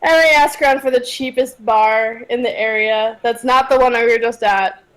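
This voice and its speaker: Young female player, high pitch, sulky and self-deprecating. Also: normal speed, poor audio. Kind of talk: playing a tabletop game on a live stream.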